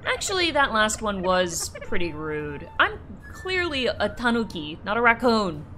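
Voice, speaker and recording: A woman's voice: mid-range voice, sing-song, a little slow, pushed and bright, a little hiss or hum. A woman reading as a chatty tanuki inventor. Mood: eager. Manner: reading game dialogue aloud.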